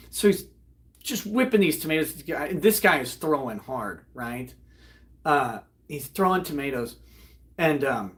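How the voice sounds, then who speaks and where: A man, host of a live online show, retelling a comedy act in a loud, profane, animated way and breaking into laughter. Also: fairly high pitch. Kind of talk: casual storytelling on a livestream.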